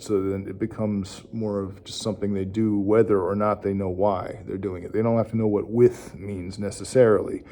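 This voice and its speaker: A man, a speech therapist, giving parents casual tips in a relaxed, rambling way with many fillers. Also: on the low side. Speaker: speech-language pathologist. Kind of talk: casual instructional talk to parents.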